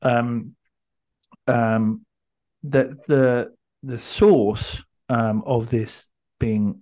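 A man's voice: mid-range voice, steady tone, drawn-out words, a little mellow. Rambling man hosting a podcast. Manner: rambling storyteller, many ums and restarts. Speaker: podcast host. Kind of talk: casual podcast chat.

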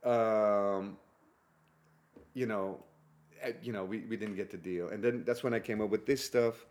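Animated man telling stories with a non-native accent. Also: on the low side, a little slow. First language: not English. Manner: animated storyteller who acts out quotes. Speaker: guest. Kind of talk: casual conversation, storytelling.

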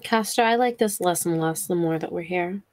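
A woman's voice: lowish voice, moderate pace, darkish tone, dry recording. A woman playing a tabletop game, chatting casually in a playful, teasing way. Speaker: player.

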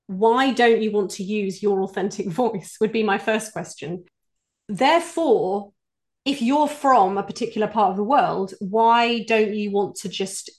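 A British woman, a voice coach, answering interview questions in an earnest, explanatory way. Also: medium pitch. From United Kingdom. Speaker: executive voice coach, guest.

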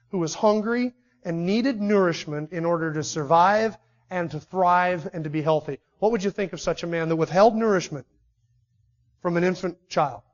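High-voiced impassioned preacher, lo-fi. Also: male voice. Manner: impassioned, swings from loud declarations to quiet intensity. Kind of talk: sermon. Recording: dull lo-fi recording.

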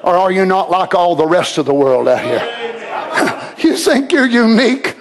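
A man preaching a sermon, swinging from shouted, drawn-out lines to low murmurs. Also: big pitch swings, crowd noise, background noise.

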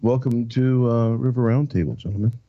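A pastor hosting a casual talk show, rambling and halting with fillers. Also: male voice, mid-range voice, fairly even intonation, no room sound. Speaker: pastor and host. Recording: dry, muffled lo-fi sound.

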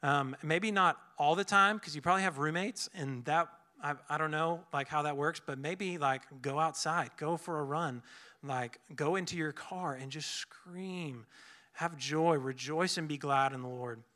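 Young guy preaching casual, lots of likes and restarts, kinda high bright voice. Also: measured pace. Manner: earnest, casual, many fillers and restarts. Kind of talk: conversational sermon.

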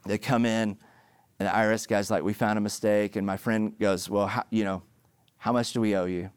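A middle-aged male pastor preaching a sermon, telling stories with animated, emphatic delivery that climbs to loud peaks. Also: fairly low pitch, fairly quick, smooth, dry recording.

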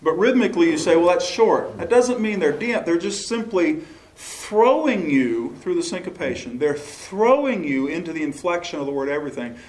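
A man's voice: fairly high pitch, big pitch swings, normal speed, darkish tone. A man leading a choral workshop session, explaining and asking questions, now and then singing a short phrase to demonstrate. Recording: echoey room recording.

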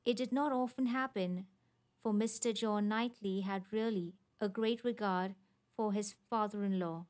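A woman narrating a classic novel as an audiobook, measured and even. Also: fairly high pitch.

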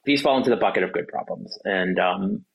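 A man, a trial attorney, talking casually as a podcast guest in an emotional, halting way, full of restarts and fillers. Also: sits low, gravelly, slightly rough, dull audio. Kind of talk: casual interview talk.

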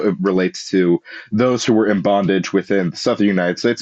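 A man hosting a podcast, chatting casually and rambling as he searches for words. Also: fairly low pitch. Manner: rambling, searching for words, mock-grandiose intro. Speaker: podcast host.

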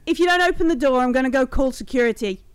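A woman voicing an unseen figure shouting insistently through a door. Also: high voice, quick pace, clean tone, natural voice.

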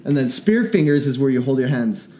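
A man's voice: mid-range voice, animated, fast, warm tone, slight background noise. A man co-hosting a podcast, joking and rambling in casual comedic chat. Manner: joking, rambling, puts on bad British accents. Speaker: podcast co-host.

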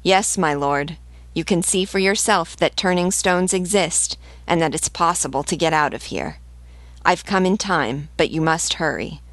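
A woman's voice: on the low side, a bit bright, no room sound. A woman reading the lines of a loyal male servant who urges everyone to hurry. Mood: urgent. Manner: urgent, hurried.

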